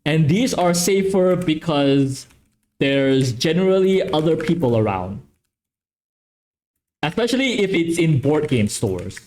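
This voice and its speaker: A man from Malaysia talks on his stream with a westernized English accent, in a slightly high voice that rises and falls a lot. He chats casually, talkative and quick to correct himself with a laugh. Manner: animated, talkative, playfully self-correcting. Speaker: streamer hosting a tabletop game channel.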